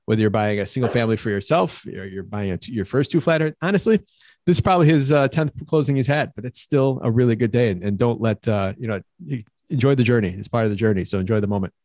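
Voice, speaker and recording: A man's voice: medium pitch, animated, fast talker, darkish tone, no room sound, clean studio sound. A man co-hosting a podcast as a real estate broker, talking enthusiastically in rambling runs with frequent restarts. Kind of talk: casual podcast chat.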